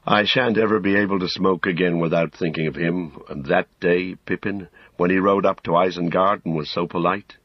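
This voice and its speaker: A man's voice: sits low, fairly even intonation, no room sound, lo-fi sound. Merry, a man doing a wistful, homely hobbit. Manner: plain, homely, slow. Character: young male hobbit, wounded, hungry and wistful.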